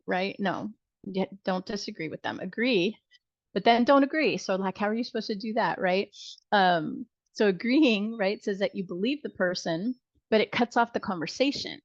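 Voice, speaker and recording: A woman's voice: mid-range voice, measured pace, no echo. A middle-aged woman teaching nursing students in a conversational way, acting out sample dialogues. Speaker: nursing instructor. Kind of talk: recorded video-call lecture. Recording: dull lo-fi video call audio.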